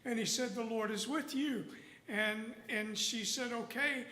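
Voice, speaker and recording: A man with a strikingly high, bright voice preaches in a sermon style. He tells folksy stories and leans into rising emphasis. His voice rings through a church hall with a long reverb. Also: measured pace. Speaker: guest preacher. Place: church sanctuary.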